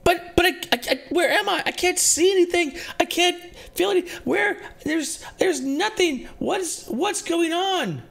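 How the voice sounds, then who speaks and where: A man's voice: extremely high pitch, animated, unhurried, vocal fry, hardly any pauses, a bit bright, voice pushed up, heavily acted. A man voicing a panicked, lost young girl spirit who stammers and repeats frantic questions.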